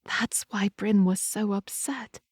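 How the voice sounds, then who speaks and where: A woman voicing a young female vampire heir in an audiobook, with a higher, urgent and emotional delivery. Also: a little slow, darkish tone, dry recording, studio quality. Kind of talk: audiobook character reading.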